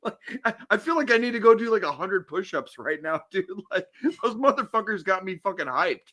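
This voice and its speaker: Bright-voiced laughing podcast co-host. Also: male voice, high-pitched, animated, a little fast. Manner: rambling, profane, laughs often. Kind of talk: casual chat.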